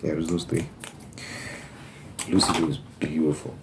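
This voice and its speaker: A man's voice: extremely low pitch, little pitch movement, normal speed. A young man who makes ASMR videos, chatting casually and rambling, with unfiltered asides and the odd swear word. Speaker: ASMR creator. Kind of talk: casual ASMR chat over tapping. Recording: clear background noise. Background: tapping and card shuffling noise.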